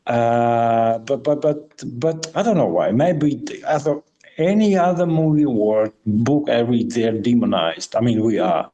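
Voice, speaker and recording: A man's voice: medium pitch, lively intonation, measured pace, warm tone, highs cut off. Hesitant man. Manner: hesitant, thoughtful, frequent restarts. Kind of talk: casual chat.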